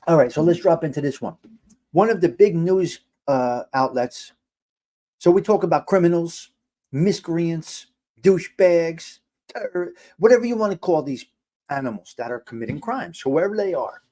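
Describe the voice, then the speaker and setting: Ungläubiger älterer Mann mit New Yorker Akzent. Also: male voice, animated, moderate pace, mellow. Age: older. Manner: exasperated, incredulous rants that jump high in pitch. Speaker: livestream host. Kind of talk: casual live-stream talk.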